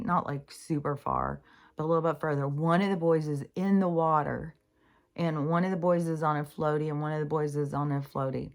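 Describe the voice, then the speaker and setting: Low-voiced, rambling, profane woman. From Pacific Northwest US. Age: middle-aged. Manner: rambling, profane, many fillers and restarts. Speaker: spiritual vlogger. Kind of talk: casual rambling monologue.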